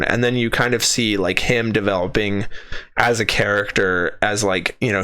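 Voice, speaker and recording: A young man co-hosting a podcast in casual chat, an animated storyteller who laughs often and mimics the people he describes. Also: lowish voice. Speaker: podcast co-host.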